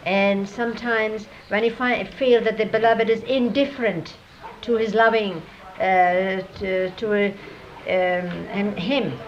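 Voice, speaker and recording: A woman speaking in a group talk, halting and searching for her words. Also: medium pitch, steady tone. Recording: dull lo-fi tape with faint hiss.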